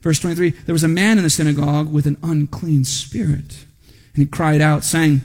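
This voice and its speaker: A man with a high voice preaching a sermon in a church sanctuary, with a long reverb trailing his words. He talks conversationally and keeps checking in with the congregation. His voice lifts with animation when he reads quoted lines aloud. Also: fairly even intonation, brisk, darkish tone. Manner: conversational, often asking the crowd "right?". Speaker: pastor. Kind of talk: expository sermon. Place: church sanctuary during a service.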